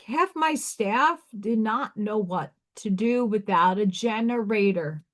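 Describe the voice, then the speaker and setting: A woman's voice: medium pitch, slow. A woman with a Staten Island accent hosting a casual live stream, talking frankly, swearing casually and often restarting her sentences. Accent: Staten Island, New York. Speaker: live stream host and oracle card reader.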